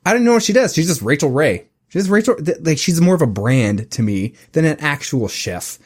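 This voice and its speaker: A man co-hosting a podcast in casual chat, animated and self-mocking, laughing often. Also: a little high, brisk, breathy edge. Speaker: podcast co-host.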